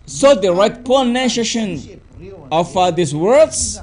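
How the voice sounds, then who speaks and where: A man preaching a teaching sermon in halting English, full of fillers and repeated words. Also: high voice, lively intonation, darkish tone.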